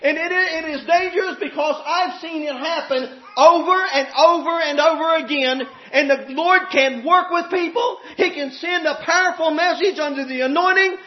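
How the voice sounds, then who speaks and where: A man preaching a sermon, impassioned and shouting at times, drawing out emphatic phrases. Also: very high voice, moderate pace, hardly any pauses. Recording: echoey, dull hall recording.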